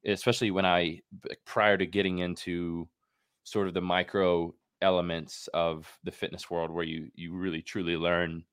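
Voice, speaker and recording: A man's voice: deep voice, level tone, moderate pace, a bit bright, clear, resonant tone, no echo, clean studio sound. A young man hosting a podcast interview, chatty and loose, laughing often and full of fillers. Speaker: podcast host. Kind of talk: casual interview chat.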